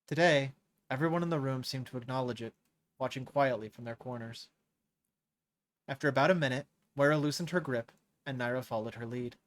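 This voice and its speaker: A man hosting a live reading of a novel, narrating in a measured way and rereading lines he stumbles on. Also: mid-range voice. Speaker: host reading a novel aloud. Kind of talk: scripted narration read aloud live.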